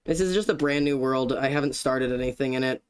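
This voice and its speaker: A man's voice: mid-range voice, brisk, smooth. A young man live-streaming, greeting viewers by name and joking in a self-deprecating way, with casual swearing.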